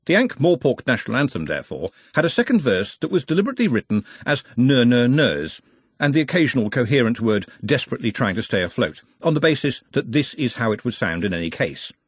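A man narrating a comic novel, his pitch swinging expressively as he reads. His voice is husky and grainy. It is recorded close and dry, with no room around it. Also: big pitch swings, quick pace, no room sound. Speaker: audiobook narrator. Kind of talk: scripted narration.

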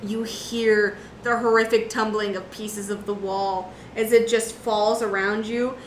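A woman running a tabletop game as game master, narrating the action in a lively, casual way. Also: mid-range voice, unhurried, slight background noise. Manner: lively, swearing, laughs often. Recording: roomy echo.

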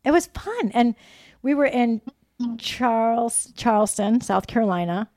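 A woman's voice: fairly high pitch, animated, a little slow, warm tone, dry recording, clean studio sound. Bubbly laughing woman podcast host. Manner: bubbly, laughs often, rambling restarts. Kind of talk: casual, giggly interview chat.

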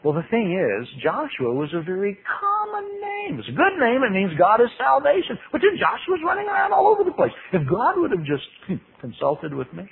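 Humorous Bible teacher, male, animated storyteller who acts out voices; tinny radio sound. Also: normal speed, vocal fry, few pauses. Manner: animated storytelling with big pitch leaps. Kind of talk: humorous sermon. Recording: tinny radio broadcast with faint hiss.

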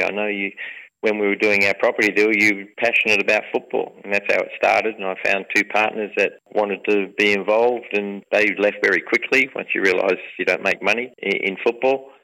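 Low-voiced Australian businessman on radio. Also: creaky, poor audio. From England. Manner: relaxed, rambling, many fillers. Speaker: football club owner and mining businessman. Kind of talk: conversational interview.

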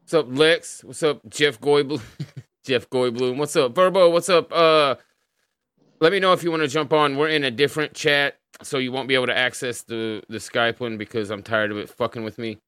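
With a mid-range, steady, fairly bright and resonant voice, this American livestream host greets viewers at normal speed, swearing freely in relaxed chat. The recording is dry and studio quality.

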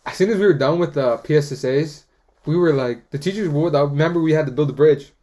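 A man's voice: on the high side, fast talker. Young guy on a chill podcast, just hanging out and remembering school stuff, laughs a lot. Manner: relaxed, laughing, reminiscing. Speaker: podcast co-host. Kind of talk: casual chat.

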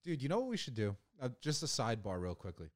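A young man co-hosting a loose, casual podcast. He rambles through his points with constant fillers and restarts, peppering them with swearing. His pitch sits in an ordinary middle range for a man. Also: wildly swooping pitch, fast talker. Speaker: podcast co-host. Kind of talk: casual chat.

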